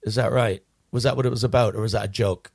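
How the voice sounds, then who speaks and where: A man's voice: fairly low pitch, steady tone, gravelly, darkish tone, slightly rough. Hesitant male talk-show host. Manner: hesitant, halting, with many restarts. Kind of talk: casual chat.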